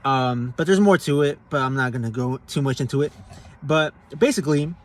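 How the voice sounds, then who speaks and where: A man's voice: medium pitch, a little fast. A man giving a casual spoken testimony about his faith, talking earnestly with casual slang and loose, restarting sentences. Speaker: Catholic giving a personal testimony.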